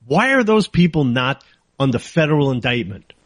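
A man's voice: medium pitch, big pitch swings, moderate pace, no room sound. A man hosting a political talk show, ranting angrily and sarcastically in a monologue. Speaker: talk radio host.

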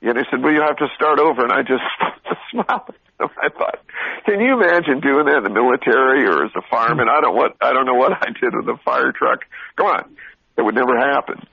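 A man's voice: mid-range voice, expressive, brisk, creaky, husky, no room sound, muffled recording. A man speaking bluntly on a radio talk show, telling stories animatedly and laughing often between restarts. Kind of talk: casual motivational radio talk.

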